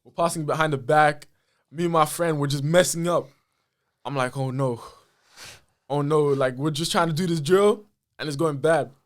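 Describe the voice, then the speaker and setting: A young man, a podcast guest telling a story in a lively, casual way with lots of fillers. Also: on the high side, normal speed. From Australia. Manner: animated, full of fillers and acted-out quotes. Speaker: podcast guest, basketball player.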